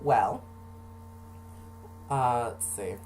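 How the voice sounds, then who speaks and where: A man casually telling a personal story for a vlog, sarcastic and animated, acting out the voices of the people in it. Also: medium pitch, drawn-out words, slight background noise.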